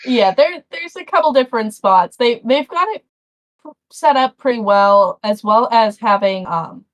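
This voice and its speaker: A woman's voice: on the high side, lively intonation, moderate pace. Chatty woman game master. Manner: chatty, rambling descriptions with restarts. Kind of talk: narrating a tabletop game.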